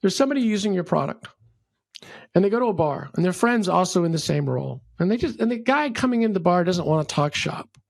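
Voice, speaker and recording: A middle-aged man speaks as a guest on an interview show, laying out his views with a gravelly edge to his voice. The sound is dry and close, with no room around it. He is opinionated and drifts into ranting. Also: high voice, fast talker, no room sound. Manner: animated storyteller, acts out quotes, ranty. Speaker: venture capital partner, guest. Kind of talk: conversational interview, opinionated explaining.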